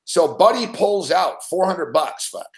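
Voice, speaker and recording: A man's voice: high-pitched, lively intonation, unhurried. A middle-aged man telling a long anecdote in casual chat, rambling and swearing constantly. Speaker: sports betting show regular. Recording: roomy echo.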